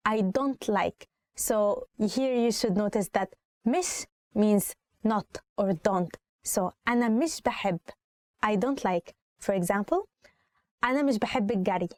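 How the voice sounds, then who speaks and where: A woman with an Egyptian accent gives a spoken Arabic lesson at a brisk pace. She repeats every phrase and then translates it into English. Her voice sits at a middle pitch and sounds dry and close. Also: no room sound. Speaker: Arabic teacher. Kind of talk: language lesson.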